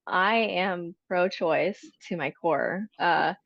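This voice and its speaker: A woman's voice: lowish voice, slow, gravelly, no echo. Frank woman guest, dry lo-fi sound. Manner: frank and emphatic. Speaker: podcast guest. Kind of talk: casual interview chat.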